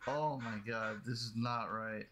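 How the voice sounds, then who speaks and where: A male streamer playing a horror game live, jumpy and nervous. He swears often and blurts reactions. His voice is bright and forceful at a middle pitch. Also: fairly even intonation, unhurried, slight background noise. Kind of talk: live horror gameplay commentary.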